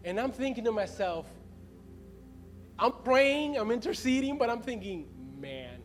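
High-voiced man preaching over music. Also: normal speed. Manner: conversational preaching, laughs often, addresses the congregation. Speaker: pastor. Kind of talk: sermon.

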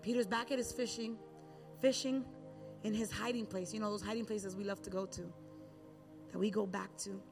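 A woman preaching a sermon, retelling a Bible story in a relaxed, conversational way. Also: medium pitch, moderate pace, vocal fry, pauses often, music in the background.

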